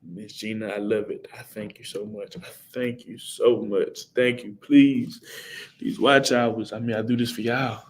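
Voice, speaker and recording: A man's voice: lowish voice, steady tone, unhurried. A young man, casually chatting on his livestream and answering viewers by name. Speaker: livestream host, college football player. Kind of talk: casual livestream chat reading viewer comments.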